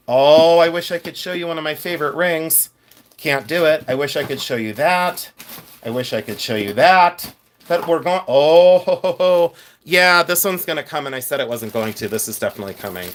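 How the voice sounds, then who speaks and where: A man from Ohio selling jewelry on a livestream, chatting casually in an excitable, rambling way and talking to his viewers. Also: on the high side, a little hiss or hum. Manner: rambling, excitable, talks to the chat. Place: his office.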